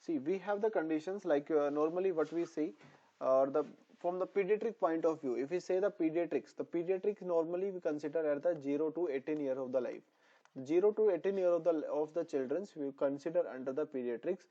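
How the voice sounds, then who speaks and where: A man gives a pediatrics lecture, his voice a little hoarse and fairly high but mellow in tone. He keeps repeating each term and range so students can memorize them. The recording sounds dull and lo-fi. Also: brisk. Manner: repetitive, drilling terms for memorization. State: voice slightly hoarse. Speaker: nursing exam tutor. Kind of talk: online lecture.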